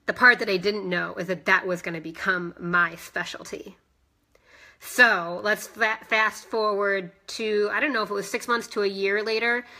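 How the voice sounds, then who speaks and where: A woman's voice: mid-range voice, sharp tone. A woman in her thirties, a fitness instructor, chatting emotionally in a live personal vlog and greeting viewers by name. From United States.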